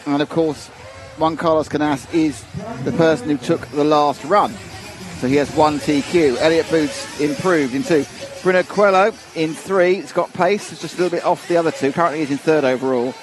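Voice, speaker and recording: A man's voice: a little high, moderate pace, over music. A man commentating live on a model car race, chatty and jokey, thinking aloud as he goes.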